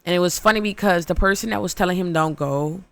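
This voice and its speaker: A young woman tears through a horror movie recap in a loose, foul-mouthed comic rant, jumping into the characters' voices as she goes. Her voice is bright with a gravelly edge, and the sound is close and dry. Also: fairly low pitch, quick pace, no echo. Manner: profane, animated, acts out characters with exaggerated voices. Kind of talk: casual comedic movie recap.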